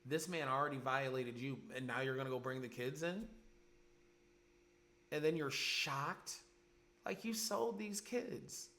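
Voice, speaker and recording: Heated and profane, a male podcast host in his forties launches into an angry commentary monologue. He's on the high side vocally with a fairly bright tone, recorded through a podcast mic.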